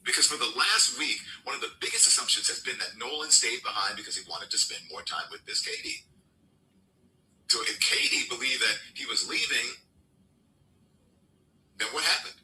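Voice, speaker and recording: A man's voice: medium pitch, animated, normal speed, pauses often, bright, forceful tone, recorded from a distance, slight background noise, low-quality recording. A man commenting on a news clip, posing pointed questions.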